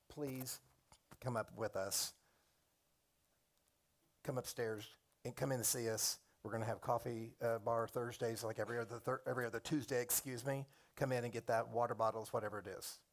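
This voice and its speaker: A man's voice: mid-range voice, vocal fry, slightly rough. A middle-aged man, a program coordinator and former teacher, giving a chatty, digressive classroom orientation and calling on students by name.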